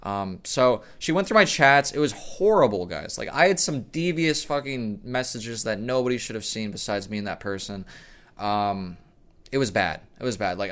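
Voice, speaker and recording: A man's voice: mid-range voice, a bit bright. A young man telling a rambling, profane story in a casual vlog, often correcting himself. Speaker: storyteller vlogger.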